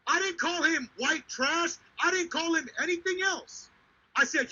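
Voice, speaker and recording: A man with a very high, sharply bright voice tells a story in a heated, profane and emphatic way. He is hosting a live talk show. The recording is dull and lo-fi. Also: moderate pace. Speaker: show host. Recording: dull lo-fi sound.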